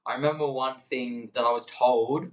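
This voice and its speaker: A man's voice: mid-range voice, fairly even intonation, moderate pace, poor audio. A young man co-hosting a podcast, speaking casually and hesitantly, with lots of fillers and easy laughter. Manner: hesitant, many fillers and restarts, laughs easily. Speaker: podcast co-host. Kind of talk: casual chat.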